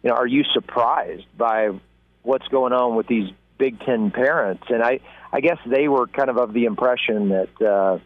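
A man's voice: medium pitch, no room sound. Man analyst on a tinny phone line. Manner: thoughtful, halting, many restarts. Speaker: national college football analyst, guest. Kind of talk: phone-in interview.

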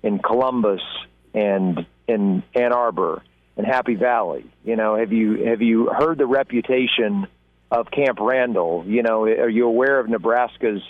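A man's voice: on the low side, measured pace. A man, a college football analyst, calling in as a guest and speaking thoughtfully with many restarts. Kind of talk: phone-in interview. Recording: tinny phone line.

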